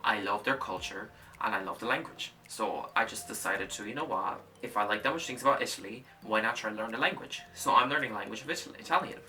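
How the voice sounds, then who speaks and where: A young man in his late teens, Russian his first language, chats casually to camera with a very bright, sharp tone. He rambles, backtracks and repeats himself. The mic sits a little away from him, with faint music underneath. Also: fairly low pitch, fast, distant mic. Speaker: student vlogger. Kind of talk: casual explainer vlog.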